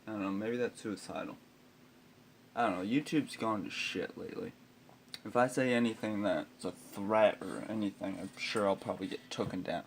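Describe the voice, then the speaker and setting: A young man telling an exasperated, profane story about school, breaking into loud outbursts. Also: lowish voice, normal speed, gravelly, a little hiss or hum. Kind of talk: ranting storytime vlog.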